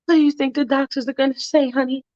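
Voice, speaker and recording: A woman voicing a worried middle-aged mother who frets and pleads in a high, fluttery voice. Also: steady tone, fast, darkish tone, muffled recording, close to an everyday voice. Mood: fretful.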